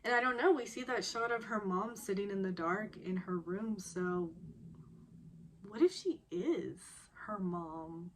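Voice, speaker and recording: A woman's voice: medium pitch, unhurried, slight background noise. A woman casually recapping a television drama episode, chatty and laughing often. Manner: chatty, laughs often, animated when quoting characters.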